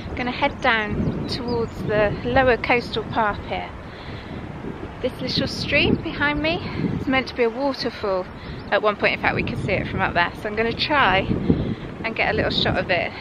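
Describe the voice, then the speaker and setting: A woman's voice: fairly high pitch, normal speed. A Cornish woman presenting a coastal walk, chatty and enthusiastic, recorded outdoors on a windy clifftop path. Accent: Cornish English. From Cornwall. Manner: chatty, enthusiastic, laughs easily. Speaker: walking vlog presenter. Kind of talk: casual outdoor narration. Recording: outdoor wind and ambient noise. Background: wind and outdoor ambience.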